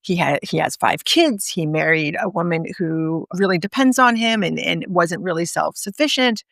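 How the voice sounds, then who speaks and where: A woman guest in a podcast interview, telling a story earnestly with emphatic pauses. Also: lowish voice, vocal fry, fairly bright tone, no echo, studio quality. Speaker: guest author and speaker.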